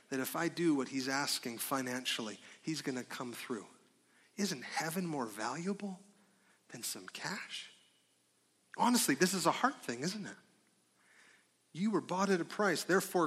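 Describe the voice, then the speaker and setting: Animated preaching man, bright echoing hall. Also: fairly high pitch, normal speed, husky. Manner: animated preaching, rhetorical questions, sudden loud bursts. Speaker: pastor. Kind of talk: sermon. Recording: long reverb of a large hall.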